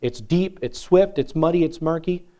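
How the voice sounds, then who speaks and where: A man preaching a sermon in a lively, conversational way, often asking the congregation questions. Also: a little high, normal speed. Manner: animated, conversational, asks the crowd questions.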